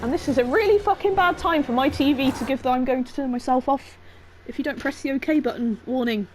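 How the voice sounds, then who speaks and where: A young woman, commentating on a game she is playing, excitable and swearing often, with a sore throat. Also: high voice, brisk, soft background music, poor audio. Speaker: game streamer. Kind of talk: let's-play commentary.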